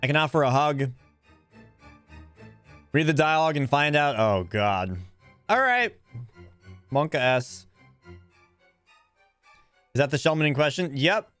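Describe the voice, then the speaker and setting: A man's voice: fairly high pitch, big pitch swings, measured pace, pauses often, fairly bright tone, clear, resonant tone, soft background music. Man casually streaming a game. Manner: reacting casually, reading dialogue aloud. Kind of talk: live gameplay commentary.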